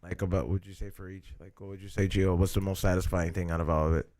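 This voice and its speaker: A man hosting a casual podcast, telling stories in an animated, slangy way, full of swearing. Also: low voice, fast. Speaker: podcast host. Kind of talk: casual chat.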